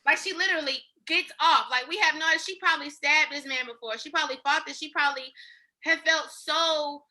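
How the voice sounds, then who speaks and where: A woman's voice: high-pitched, a little fast. A woman co-hosting a podcast in casual, slangy chat, often acting out what others said. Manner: animated, slangy, acts out quotes. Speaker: podcast co-host.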